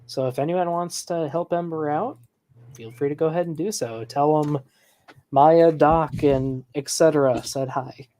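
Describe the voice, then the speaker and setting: A man's voice: on the high side, fairly even intonation, measured pace, mellow. Hesitant man in casual stream chat. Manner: hesitant, stammering.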